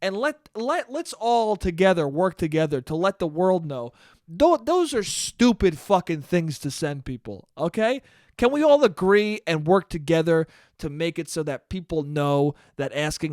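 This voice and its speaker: A man's voice: fairly high pitch, lively intonation, moderate pace, darkish tone, dry recording, clean studio sound. A man hosting a solo podcast, telling stories in a profane, exasperated, mocking rant. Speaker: podcast host. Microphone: podcast microphone.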